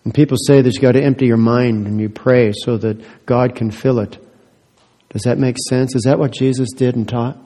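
A pastor's sermon, carried in big-room sound, alternates hushed passages with loud, emphatic ones and leans on rhetorical questions. His voice is mid-range.

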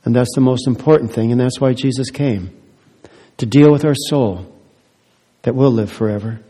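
A man preaching a sermon as a pastor, swinging between hushed, quiet lines and loud, emphatic ones, and asking many rhetorical questions. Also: mid-range voice, moderate pace, slightly rough, long reverb tail.

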